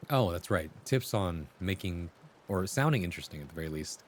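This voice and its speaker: A man's voice: low voice, animated, normal speed, a little hiss or hum. A man hosting a livestream, talking casually to his chat and acting out voices in his stories. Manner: conversational, acts out quoted voices in anecdotes. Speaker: livestream host.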